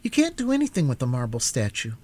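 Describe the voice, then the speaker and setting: A man's voice: mid-range voice, wildly swooping pitch, quick pace, darkish tone, husky, voice pushed up. A man reading aloud and voicing a frightened, rebellious young boy who pleads and protests anxiously.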